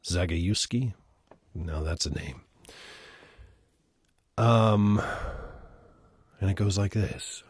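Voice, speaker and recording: A man's voice: sits low, takes it slowly, pauses often, a little mellow, slightly rough, dry recording, clean studio sound. A man hosting a casual live stream, reading out listener requests and rambling in a self-deprecating way, often stumbling over words.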